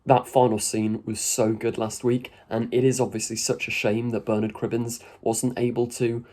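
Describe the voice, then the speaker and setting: A man's voice: medium pitch, flat delivery, normal speed, warm tone. A man giving a chatty, rambling video review with casual asides. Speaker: YouTube reviewer.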